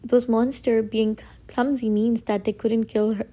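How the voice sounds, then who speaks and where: A woman's voice: on the high side, flat delivery, a little slow, warm tone. A woman narrating a comic story recap in a casual, dramatic way, with emphatic stresses and frequent restarts.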